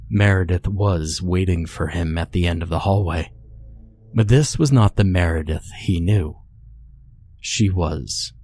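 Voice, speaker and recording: Deep, slow man narrating horror. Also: dark tone, a little hiss or hum. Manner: measured, ominous storytelling. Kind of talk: scripted horror story narration.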